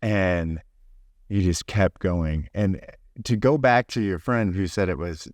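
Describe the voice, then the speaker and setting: A man's voice: sits low, takes it slowly, a little mellow, no echo, clean studio sound. A man hosting an interview, responding with enthusiasm and praise. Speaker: interviewer host. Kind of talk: casual interview.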